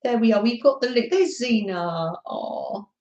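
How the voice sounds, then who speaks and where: A woman's voice: a little high, expressive, a little slow, highs cut off. A middle-aged woman hosting a craft live stream, chatting casually and reading out viewers' comments. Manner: chatty, warm greetings to viewers. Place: indoors at a craft desk. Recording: echoey room.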